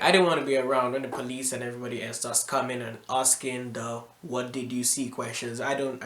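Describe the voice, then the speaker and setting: A man from Nigeria telling a school story in a casual vlog, animated and full of slang and fillers. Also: mid-range voice. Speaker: vlogger. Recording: roomy with background music.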